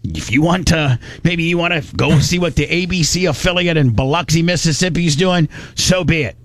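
A man's voice: a little high, a little fast, no echo. Rambling man hosting talk radio. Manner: rambling, self-correcting, joking. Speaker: radio talk show host. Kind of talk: casual talk radio with ad reads.

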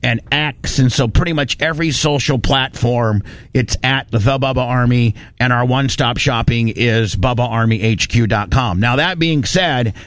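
A man hosting a radio show, telling a story in a fired-up, animated rant and quoting people as he goes. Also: mid-range voice, moderate pace, no echo. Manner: animated, fired-up, quotes people in his retelling. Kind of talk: casual on-air storytelling rant.

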